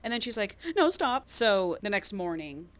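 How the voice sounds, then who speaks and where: Against a crowd in the background, a young woman co-hosting a podcast retells a book's plot in a medium-pitched voice at a moderate pace. Her casual recap is animated, with the characters' lines performed aloud.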